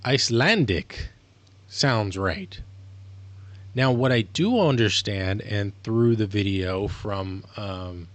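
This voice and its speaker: A man's voice: fairly low pitch, slow pace, dry recording. Rambling male streamer, dry sound. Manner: rambling, self-correcting, explanatory. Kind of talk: casual livestream monologue.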